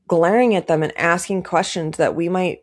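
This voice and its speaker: A woman's voice: fairly low pitch, moderate pace. A young woman giving casual, indignant commentary to camera, stressing her points by repeating them. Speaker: pop culture commentator.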